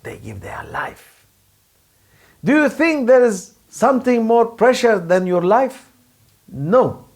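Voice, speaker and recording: A man's voice: very high-pitched, slow pace, long pauses. A man preaching a sermon in simple, broken English, acting out angry voices to make his points. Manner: non-native English, simple broken grammar; animated, acts out angry ego voices. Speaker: Sufi preacher.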